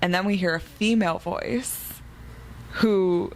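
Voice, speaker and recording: Chatty woman with a gravelly edge. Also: lowish voice, slow pace, a little hiss or hum, low-quality recording. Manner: chatty, recapping the plot with enthusiasm. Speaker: podcast co-host. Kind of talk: casual book discussion.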